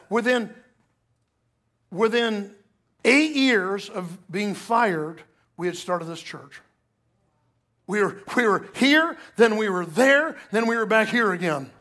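A middle-aged male pastor preaching a sermon, telling a personal story with lively asides to the congregation. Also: sits high.

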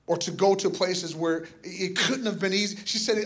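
Middle-aged male pastor, sermon delivery, fervent, repetitive exhortations, fairly high voice. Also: takes it slowly, long pauses, a bit bright. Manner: impassioned, builds to emphatic repeated exhortations.

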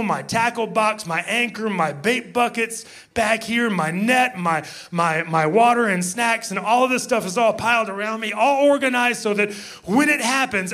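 A man in his fifties, a pastor telling a story in a sermon, animated and laughing as he acts out shouts. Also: sits high.

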